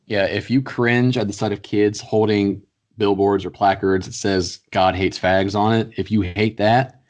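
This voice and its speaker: A young man co-hosting a podcast, talking in a blunt, profane and animated casual chat. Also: lowish voice, unhurried. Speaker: podcast co-host.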